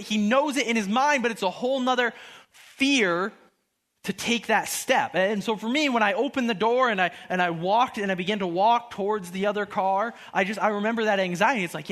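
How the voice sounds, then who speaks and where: Young male preacher, 20s, high and bright voice, animated storyteller. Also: moderate pace. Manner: animated storytelling, acting out quotes. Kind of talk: sermon.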